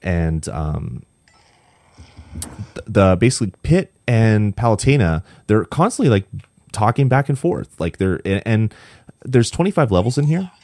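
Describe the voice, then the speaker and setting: A man's voice: fairly low pitch, very animated, unhurried, darkish tone, dry recording. A young man chatting casually on a podcast, rambling with lots of ums and restarts, tired late at night. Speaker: podcast co-host reviewing a game.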